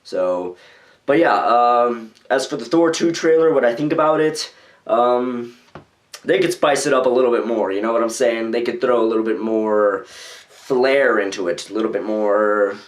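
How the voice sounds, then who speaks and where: A man's voice: medium pitch, moderate pace. A young man from the United States rambling casually in his own video blog, with loose phrasing and lots of fillers. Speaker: vlogger. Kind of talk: casual vlog commentary.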